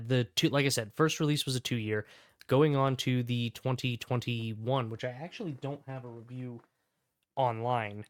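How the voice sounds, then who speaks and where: A man's voice: mid-range voice, clean tone, no room sound, clean studio sound. A man hosting a casual whiskey review, talking enthusiastically and rambling with fillers and self-corrections. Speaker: whiskey reviewer and podcast host.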